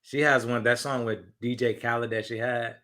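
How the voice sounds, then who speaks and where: Young male podcast host; easygoing, agreeable; bright tone, mid pitch. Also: normal speed. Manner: relaxed, asks questions, agrees a lot. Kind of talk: casual interview chat.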